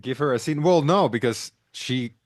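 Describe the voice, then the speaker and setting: A man's voice: medium pitch, normal speed, no room sound, clean studio sound. A man in casual podcast chat, ranting animatedly about a film and often restarting his sentences.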